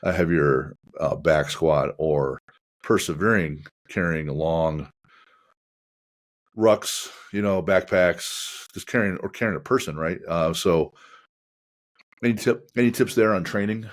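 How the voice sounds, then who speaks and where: A man hosting a podcast, chatting casually in a measured, reflective way and asking long, rambling questions. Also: low-pitched. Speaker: podcast host. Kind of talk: casual interview chat.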